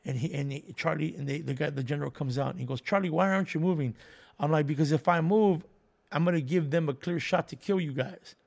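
A man's voice: a little high, fairly even intonation, fast talker, creaky, a little mellow. A man co-hosting a casual chat, animatedly retelling a story and acting out the voices in it. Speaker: podcast co-host.

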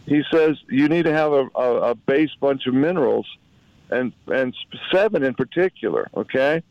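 Gravelly-voiced man pitching on a call, halting delivery, dull dry audio. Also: lively intonation, no echo. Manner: halting, repeats words, salesy. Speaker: product promoter. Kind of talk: phone call.

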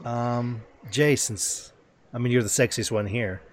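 A man's voice: medium pitch, steady tone, unhurried, slight background noise. A man hosting a podcast in a casual chat, joking and teasing, trailing off and restarting. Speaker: podcast host.

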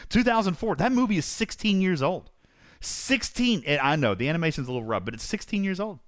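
A man hosting a podcast in casual chat, playful, teasing and excitable. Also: sits high, fairly quick, no echo, clean studio sound. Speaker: podcast host.

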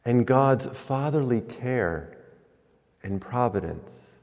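A man preaching a sermon in a church, telling stories slowly with pauses. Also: mid-range voice, animated, a little mellow. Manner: slow, storytelling with pauses. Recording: long hall reverb.

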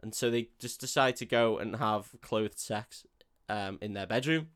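A man's voice: lowish voice, normal speed, a bit bright, clear, resonant tone. Laughing, swearing man recapping a film. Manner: laughing, swearing, acts out lines. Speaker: podcast co-host. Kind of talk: casual film recap chat.

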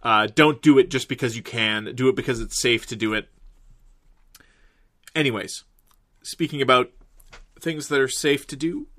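Bright-voiced casual male reviewer. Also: mid-range voice, normal speed, long pauses, dry recording. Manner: rambling, full of filler words, swears casually. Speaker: wrestling and TV reviewer. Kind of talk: casual recap commentary.

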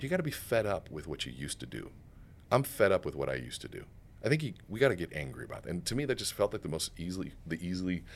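Deep voiced guy rattling off stories fast, swears a lot, acts out what people said. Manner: fast, emphatic storytelling with swearing and acted quotes. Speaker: guest speaker and author. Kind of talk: animated podcast interview. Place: podcast studio set.

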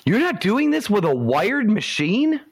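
A man's voice: sits high, big pitch swings, unhurried, husky. A man co-hosting a casual podcast from a home closet on a condenser mic, teasing his friends crudely. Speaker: podcast co-host. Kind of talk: casual chat. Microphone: small condenser on shock mount, wired.

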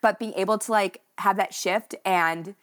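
A woman's voice: mid-range voice, fairly even intonation, normal speed, fairly bright tone. A young woman speaking as a podcast guest, telling a personal running story in an emotional, heartfelt way, with many fillers like "like" and "you know".

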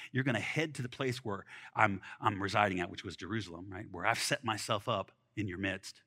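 A man preaching a sermon in an animated, conversational way, with bursts of excitement. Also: fairly low pitch, fairly quick, hardly any pauses, breathy edge. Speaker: pastor.

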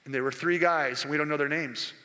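An older pastor preaches with a piercing, bright voice pitched high for a man. He tells his stories with passion and climbs to forceful peaks. His voice rings in a church sanctuary with a long reverb. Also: steady tone, fast talker. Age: 60s. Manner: impassioned, storytelling, rising to near-shouted peaks. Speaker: senior pastor. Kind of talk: sermon.

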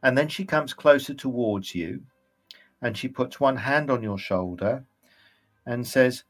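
A man narrating as game master of a tabletop game, with unhurried, descriptive delivery. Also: medium pitch, fairly bright tone, faint music behind.

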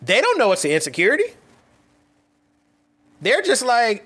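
High-voiced man hosting a podcast. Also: wildly swooping pitch, bright, forceful tone. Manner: quick, restless talk with repeated words and slangy asides. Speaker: podcast host. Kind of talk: reflective solo podcast monologue.

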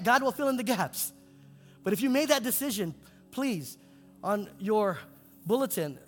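A male pastor preaching in a church, his delivery swinging between soaring emphatic peaks and hushed low lines. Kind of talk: sermon with altar call. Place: church sanctuary. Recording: long hall reverb with faint music.

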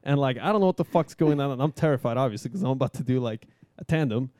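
A man's voice: medium pitch, expressive, fast talker, a little mellow, dry recording. Brief: young adult man, laid-back storyteller, heavy swearing, dry close sound. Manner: laid-back, swears a lot, many fillers, laughs through stories. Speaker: guest skydiver. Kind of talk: casual podcast storytelling.

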